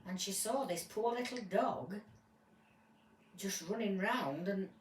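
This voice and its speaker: A woman's voice: mid-range voice, takes it slowly, distant mic, slight background noise, natural voice. A woman voicing a bustling female court assistant passing on news in a toy courtroom game, with an eager, newsy manner. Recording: roomy and from off the mic, faint ambience.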